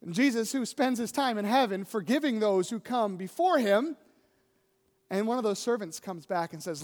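A man's voice: high voice, animated, moderate pace, a little mellow, long reverb tail. A man preaching a sermon in a conversational, storytelling manner, often checking in with his listeners. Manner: conversational storytelling, frequent "right?" and "like". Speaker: pastor.

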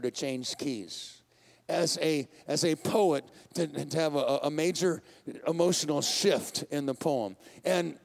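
A man's voice: a little high, vocal fry. A man, preaching a sermon as pastor in a conversational style, putting questions to the congregation and laughing often.

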